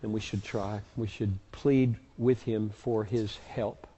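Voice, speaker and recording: A man's voice: on the low side, steady tone, takes it slowly, dark tone, husky. Emphatic man in an echoey hall. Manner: emphatic, repeats key words for force. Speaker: pastor answering audience questions. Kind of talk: live Q&A teaching.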